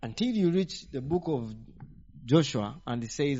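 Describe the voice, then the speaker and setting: A man preaching a teaching sermon, animated and firing rhetorical questions at the congregation. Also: mid-range voice, normal speed, breathy edge. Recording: dull lo-fi sound.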